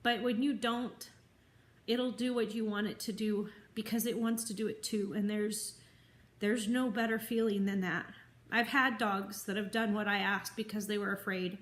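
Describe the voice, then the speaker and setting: A woman's voice: medium pitch, fairly even intonation, a bit bright. A woman dog trainer talking earnestly to the camera in a vlog, teary and sniffly after a good cry. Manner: slow, heartfelt, earnest. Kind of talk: emotional vlog talk to camera. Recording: echoey room.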